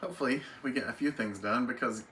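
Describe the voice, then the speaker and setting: A man's voice: mid-range voice, fast talker, pushed and bright, slight background noise. A man hosting a casual livestream, greeting viewers one by one by name and chatting easily while reading the chat. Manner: friendly, reads chat names aloud, chatty. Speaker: livestream host. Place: home, alone on a live stream.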